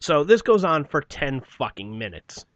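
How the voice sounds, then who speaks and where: A man's voice: a little high, big pitch swings, a little slow, no echo. A man with a New Jersey accent telling a long, profane story about an old job in a casual podcast chat. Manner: swears often, mocks people in put-on voices. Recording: dull lo-fi podcast audio.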